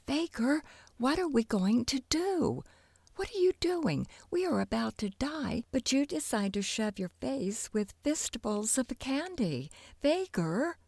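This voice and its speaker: A woman voicing an exasperated, bossy young girl in a children's storybook, shrill and impatient. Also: lively intonation, slow, gravelly, a little mellow, dry recording, exaggerated voice.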